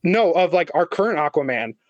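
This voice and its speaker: A man co-hosting a casual podcast chat, talking in halting bursts with many restarts and fillers. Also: fairly high pitch, lively intonation, no echo, muffled recording. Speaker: podcast co-host. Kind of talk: casual chat about movie casting.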